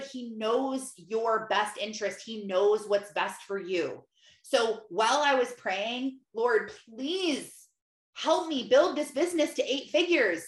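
A woman with a fairly high, slightly bright voice gives a faith-based teaching talk in an echoey room. Speaking earnestly and conversationally, she teaches about prayer and acts out her own prayers along the way.

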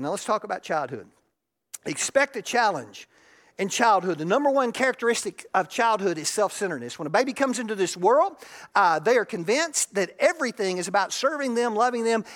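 A pastor preaching in a relaxed, conversational way, dropping into soft, confiding asides and then lifting the voice for emphasis. Everyday characters are acted out mid-sentence. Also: medium pitch. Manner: shifts often between soft asides and raised emphasis. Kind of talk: sermon.

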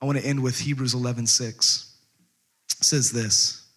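A man preaching a sermon, retelling a story in a lively, conversational way with casual fillers. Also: medium pitch, moderate pace.

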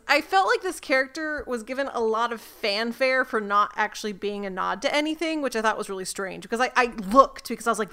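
A woman co-hosting a casual recap podcast who lays out her points with plenty of asides. Her voice sits a bit high, with a bright, smooth, clear tone. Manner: talkative, explains with asides. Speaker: podcast co-host.

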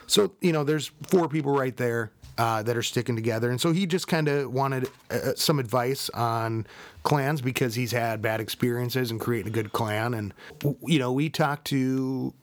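A man hosting a casual podcast in a relaxed, meandering way. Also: medium pitch, normal speed. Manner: easygoing, many fillers and restarts. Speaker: podcast host.

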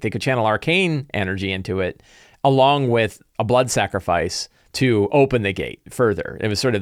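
A man's voice: lowish voice, dry recording, studio quality. Man thinking aloud about game prep. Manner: thinking aloud, loose and conversational. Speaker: game master. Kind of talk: casual solo game-prep talk.

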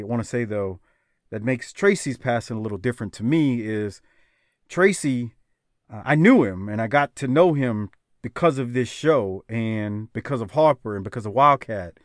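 A man's voice: mid-range voice, dry recording, clean studio sound. A man hosting a podcast, talking casually in a rambling, heartfelt way with many restarts. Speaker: podcast host.

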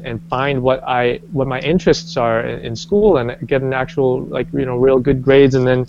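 A man telling personal stories in casual conversation, animated, with many restarts and acted-out quotes. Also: medium pitch, normal speed, slight background noise. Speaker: guest. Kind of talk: casual storytelling. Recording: dull lo-fi sound.

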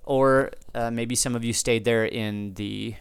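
A man's voice: mid-range voice, fairly even intonation, a little slow, creaky, smooth, no room sound. A man hosting a podcast, talking off the cuff to answer listener feedback, rambling with restarts and asides. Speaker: podcast host.

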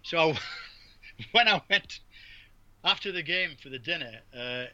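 Bright-voiced English ex-referee telling stories. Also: male voice, a little high, lively intonation, slow. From England. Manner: rambling anecdotes with restarts and laughs. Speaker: guest, former basketball referee. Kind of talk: storytelling in an interview. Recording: dull lo-fi audio.

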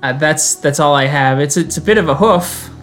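A man's voice: on the high side, normal speed, fairly bright tone, faint music behind, close to an everyday voice. A man voicing a confused local husband who talks in a folksy, hesitant way.

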